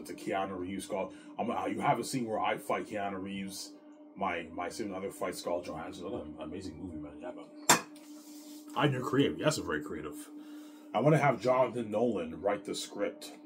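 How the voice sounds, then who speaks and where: A man chatting casually on his vlog, rambling excitedly and stumbling over repeated words. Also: low voice. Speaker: vlogger. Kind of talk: casual chat. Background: music.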